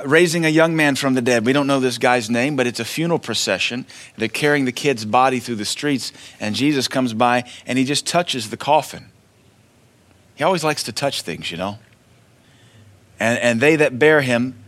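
Male pastor, casual sermon delivery, mid-range voice, alternates soft asides with raised declarations. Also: mid-range voice. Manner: conversational preaching, swings between loud declarations and quiet asides. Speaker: preacher. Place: church.

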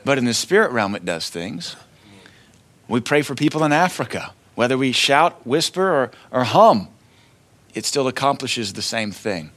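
A man's voice: mid-range voice, sing-song, normal speed. Conversational male preacher. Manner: conversational preaching, swings between loud declarations and quiet asides. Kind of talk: sermon. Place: church.

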